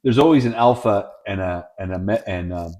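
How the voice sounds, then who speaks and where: A middle-aged man co-hosting a podcast, telling family stories in a blunt, animated, no-nonsense way. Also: lowish voice, brisk. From Italian family. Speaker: podcast co-host. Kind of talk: casual chat.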